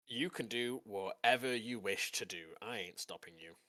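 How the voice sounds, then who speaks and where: A game master narrating a tabletop game, describing scenes in a relaxed, joking way. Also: mid-range voice, normal speed.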